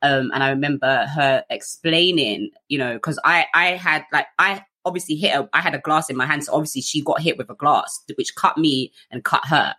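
A woman's voice: low-pitched, normal speed, few pauses. Chatty woman telling her story. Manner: chatty, frequent fillers, animated quoting, laughs at herself. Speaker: guest. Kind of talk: candid personal storytelling.

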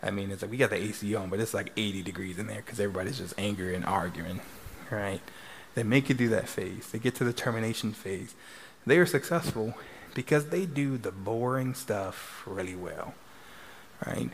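A man's voice: on the low side, moderate pace, slight background noise. A middle-aged man, a couples therapist speaking to a live audience in a chatty way, tagging sentences with "right?". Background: audience laughter.

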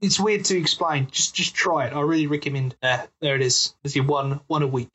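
A man's voice: fairly high pitch, a little fast, a bit bright, slightly rough, muffled recording. A man co-hosting a podcast, teasing the others and laughing often. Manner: giggly and teasing. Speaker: podcast co-host. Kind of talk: casual chat.

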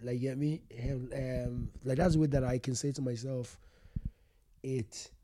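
A young man, a comedian speaking candidly in an interview, halting and repeating himself, often laughing. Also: mid-range voice, fairly even intonation, mellow, dry recording, studio quality. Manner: halting, repeats words, frequent "you get me", laughs often. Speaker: stand-up comedian, guest.

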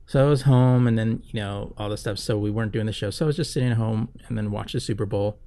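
Podcast guy rambling through a story, swears a lot, gravelly voice. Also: lowish voice, fast, dark tone, dry recording. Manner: rambling, profane storytelling with many fillers. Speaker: podcast co-host. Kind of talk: casual chat.

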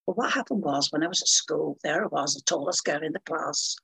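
A woman's voice: sits low, a little fast, gravelly, bright, forceful tone, breathy edge, rough recording. An older woman telling stories as a guest on an interview podcast, in a dramatic, theatrical way. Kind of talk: storytelling interview.

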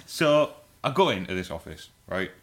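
A man's voice: deep voice, sing-song, moderate pace, a bit bright. A man co-hosting a podcast, telling a rambling, comic story with swearing and frequent laughs. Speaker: podcast co-host. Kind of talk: casual comedic chat.

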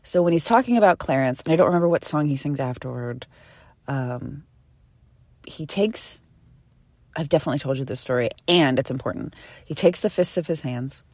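A woman telling a personal story in a casual, animated, chatty way, with the odd swear. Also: deep voice, normal speed, dry recording.

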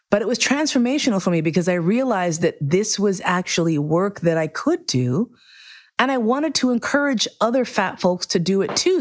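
A middle-aged woman hosting a podcast, telling a candid, profane personal story with lively acted-out quotes. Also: on the low side. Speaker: podcast host.

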